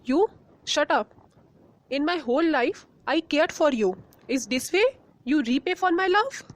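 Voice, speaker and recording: A woman's voice: high voice, lively intonation, unhurried. A woman voicing a sick mother who speaks in a plaintive, apologetic way. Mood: stern. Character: remorseful sick mother, sharp with her spoiled daughter.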